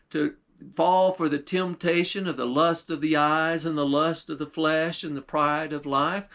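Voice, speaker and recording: A man's voice: fairly high pitch, fairly bright tone. A man telling a folktale in a drawling, folksy manner, then drawing a moral. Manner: drawling, folksy, repeats "why". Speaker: storyteller.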